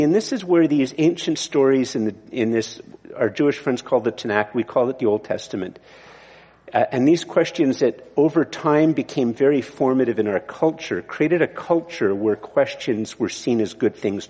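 A man's voice: mid-range voice, expressive, normal speed, a little mellow, husky, big-room sound. A male pastor giving a sermon in a conversational, digressive way, often restarting his sentences. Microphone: mic on the body.

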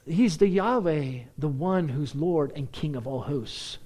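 Male pastor, sermon delivery, high-pitched and very lively. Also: measured pace. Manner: animated preaching, rising to excited emphasis.

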